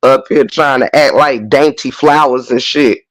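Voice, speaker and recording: A man's voice: mid-range voice, measured pace, fairly bright tone, dry recording, rough recording. A man hosting a commentary stream, ranting bluntly with heavy slang, cursing and mocking. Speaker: commentary host. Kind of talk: unscripted rant.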